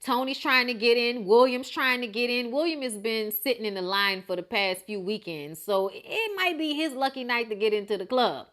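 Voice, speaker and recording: Sassy young woman with a bright voice. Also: on the high side, normal speed, few pauses. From Los Angeles, USA. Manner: sassy, animated, acts out quotes. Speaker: TV show reviewer. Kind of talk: casual recap chat.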